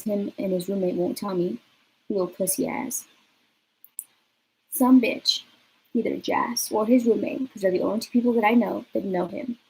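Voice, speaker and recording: Husky young woman, rambling storytime. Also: mid-range voice, dark tone, low-quality recording. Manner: rambling, profane, lots of 'like'. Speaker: vlogger. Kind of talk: casual storytime vlog.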